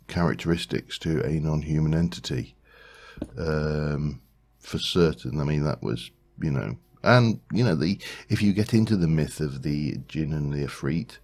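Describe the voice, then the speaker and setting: A man's voice: extremely low pitch, darkish tone. A man hosting a let's play, musing aloud in casual gameplay commentary, rambling with frequent restarts.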